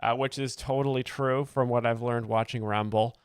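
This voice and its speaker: Deadpan mock-earnest male commentary host. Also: medium pitch, normal speed, clear, resonant tone, no room sound, studio quality. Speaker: comedy video host. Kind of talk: satirical comedic commentary.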